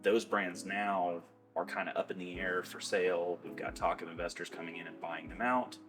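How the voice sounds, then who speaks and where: A man's voice: deep voice, steady tone, moderate pace, over music. A man hosting an interview, asking long, loosely phrased questions full of "kinda" and "you know". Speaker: interview host.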